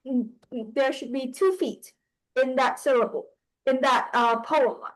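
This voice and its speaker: A woman teaching a class about poetry, explaining hesitantly with frequent pauses and restarts. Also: high voice, low-quality recording.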